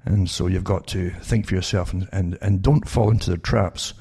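A man with a low, gravelly voice talks through news articles for his listeners in loose, rambling bursts. His tone is dark and husky, and he keeps breaking off and restarting to fire rhetorical questions at the audience. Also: fairly even intonation, moderate pace. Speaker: online commentator reading news articles. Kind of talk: rambling spoken commentary to listeners.

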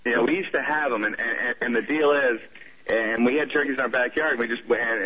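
Through muffled radio broadcast audio, a Southern-accented caller from the southern US rambles with many restarts during a call-in conversation. He has a mid-range voice, a sharp tone, and a brisk delivery.

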